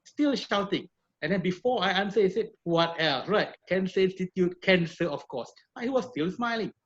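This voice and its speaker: A middle-aged man from Malaysia, a professor telling a personal story in an animated way with many repeated words, heard over a video call. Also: high voice, moderate pace. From Malaysia (Perak). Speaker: professor and guest speaker. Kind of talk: storytelling talk. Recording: dull lo-fi video call audio.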